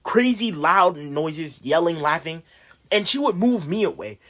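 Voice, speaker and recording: A man's voice: fairly high pitch, animated, measured pace, pushed and bright. A young man telling a story from school in a casual, slangy way, full of fillers.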